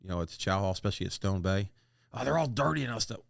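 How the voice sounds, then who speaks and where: Older man, blunt and profane storyteller, lowish pitch, fast delivery, dry close mic. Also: animated, creaky, dry recording. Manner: blunt, profane, fast-talking war stories. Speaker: guest, retired Marine master gunnery sergeant. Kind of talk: casual podcast interview storytelling.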